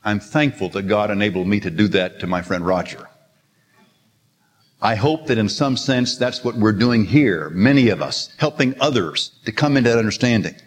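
An older man preaching a sermon in an earnest, storytelling manner, quoting scripture with emphasis. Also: fairly low pitch. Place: church sanctuary. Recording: long reverb of a large hall.

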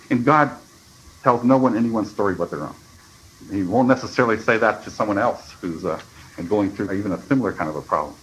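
A man's voice: fairly low pitch, fairly bright tone, slight background noise, low-quality recording. A man reading a story aloud and giving reflective, earnest commentary as a Bible study teacher.

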